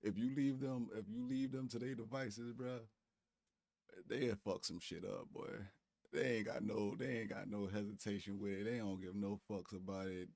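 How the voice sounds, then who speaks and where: A man with a low, gravelly voice riffs on a casual stream, animated and profane. His commentary is peppered with laughing asides, and the sound is dry and close. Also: normal speed, dry recording. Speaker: stream co-host.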